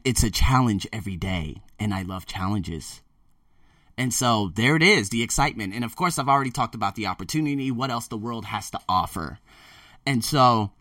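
A man talking casually to his viewers, emphatic and animated, often repeating himself. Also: lowish voice, dry recording, studio quality, distant mic. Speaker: vlogger. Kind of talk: casual monologue to camera. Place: Thailand.

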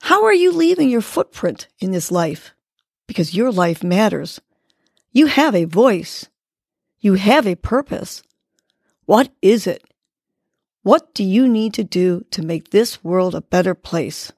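Slow, gravelly-voiced woman guiding breathing. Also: mid-range voice, expressive, no echo, clean studio sound. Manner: gentle, encouraging guide. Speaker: podcast host. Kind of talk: guided breathing exercise and pep talk.

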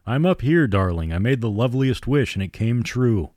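A man voicing a mother who speaks in a soft, sing-song, eerily sweet way. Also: medium pitch, expressive, moderate pace, no room sound, studio quality, close to an everyday voice.

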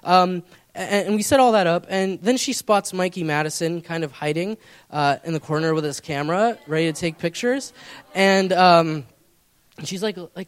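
Preaching in a high, smooth voice at normal speed, a young male pastor tells a personal story in a loose, rambling sermon packed with filler words.

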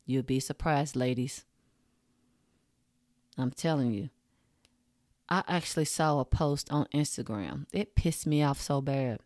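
A woman's voice: very deep voice, unhurried, long pauses, darkish tone, dry recording, studio quality. Blunt, profane woman podcast host. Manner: frank, profane, rants with punchy asides. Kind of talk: blunt casual monologue.

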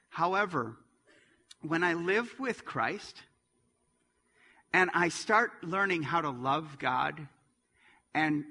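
A middle-aged man preaching a sermon as a pastor, swinging between loud, forceful passages and hushed, quiet ones. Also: fairly high pitch. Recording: long hall reverb.

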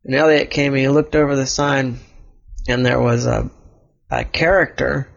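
A man's voice: mid-range voice, fairly even intonation, moderate pace, vocal fry. A man improvising a block-game story, rambling and restarting his sentences. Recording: dull lo-fi recording.

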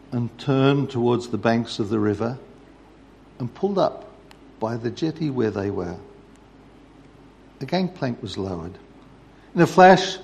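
A man preaches a sermon at a slow, deliberate pace. His voice sits at a middle pitch and takes its time. He tells stories in a measured, steady way. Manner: measured storytelling.

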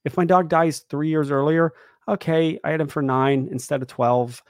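A man in his thirties co-hosting a podcast, talking in an animated, opinionated way that trips over repeated words. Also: on the high side, normal speed, no echo, studio quality. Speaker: podcast co-host. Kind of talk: casual chat.

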